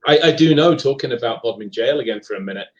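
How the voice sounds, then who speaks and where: A middle-aged man from England with a Leicester accent softened by years abroad, chatting as a podcast guest, hesitant and full of ums and restarts. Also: mid-range voice, expressive, fast, muffled recording. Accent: Leicester English, partly Americanized. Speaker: guest author and paranormal investigator. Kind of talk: casual live podcast chat.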